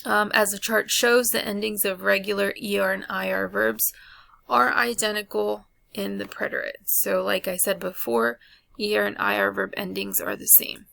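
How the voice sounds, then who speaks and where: A woman teaching a Spanish grammar lesson in a flat, unhurried voice, pausing on fillers as she works through a chart. Her tone has a heavy gravelly fry. The recording is dry and close, with no room around it. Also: medium pitch, no echo. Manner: slow, flat delivery with frequent ums and uhs.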